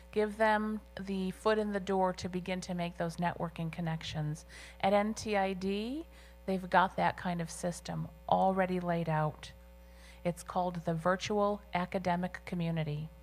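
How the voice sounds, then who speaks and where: Interpreting for a deaf interviewee, a medium-pitched woman speaks the signed replies aloud in a careful, somewhat hesitant manner.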